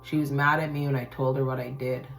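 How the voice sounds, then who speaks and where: A woman's voice: rumbling low, little pitch movement, quick pace, gravelly, faint music behind, poor audio. A woman host telling an emotional personal story in a casual, emphatic way and swearing freely. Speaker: tarot channel host.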